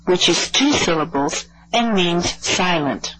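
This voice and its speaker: A woman reading classroom instructions and examples for an audio language course, clear and deliberate, spelling words out letter by letter. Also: on the low side, animated, slight background noise, poor audio. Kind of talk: slow scripted classroom instruction.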